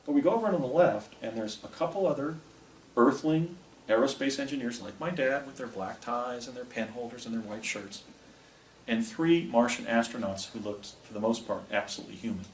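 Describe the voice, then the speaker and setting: A middle-aged man from New Jersey gives an anecdotal talk in a presentation room with a projector, rambling with restarts and asides in a brisk, mid-range voice. The recording is echoey with a distant mic and faint noise.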